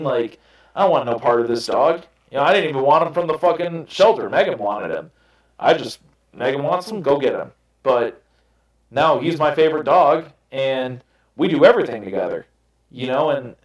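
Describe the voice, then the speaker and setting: Young male podcast host, candid and profane, rambling storyteller, roomy echoey sound. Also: medium pitch. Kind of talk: casual chat. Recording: roomy echo.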